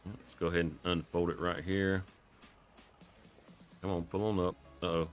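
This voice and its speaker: A man's voice: low voice, level tone, normal speed, soft background music. A man giving casual, rambling live commentary on a farming game, chuckling often, his voice froggy from coughing.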